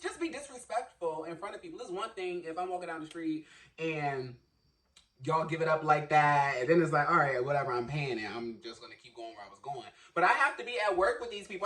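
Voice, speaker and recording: A man telling a story in a casual vlog, animated and dramatic, acting out his own inner monologue. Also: on the high side, recorded from a distance.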